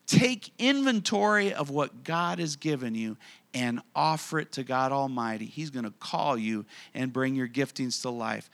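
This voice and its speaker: Gravelly, bright-voiced preaching man. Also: on the high side. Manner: animated preaching, acts out voices of people in stories. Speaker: pastor. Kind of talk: sermon. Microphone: handheld or stand mic.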